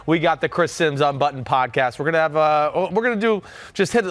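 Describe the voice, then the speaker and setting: Loud New Jersey man hosting a podcast. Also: fairly high pitch, brisk, no echo. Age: 30s. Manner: loud, animated, talks with filler and restarts. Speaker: podcast host. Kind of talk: casual sports chat.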